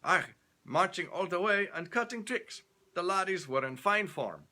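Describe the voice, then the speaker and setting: A man doing a booming jovial Scotsman. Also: animated, a little slow, heavily acted. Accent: Scottish. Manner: loud and jovial. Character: hearty, boisterous Scottish soldier leader.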